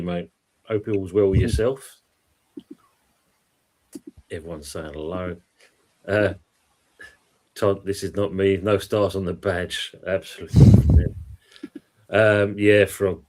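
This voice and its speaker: Deep-voiced man reading live chat. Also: darkish tone. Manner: chatty, reads out viewer comments. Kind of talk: casual football chat.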